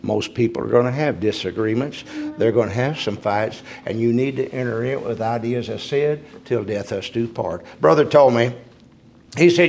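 A man preaching a sermon, swinging from emphatic raised points to soft, quiet storytelling. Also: mid-range voice, moderate pace.

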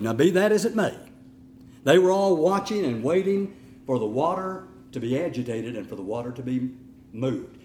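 A middle-aged man preaching a sermon in an animated way, sometimes mimicking whiny voices. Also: medium pitch, echoey room, slight background noise. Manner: animated, acts out whining voices.

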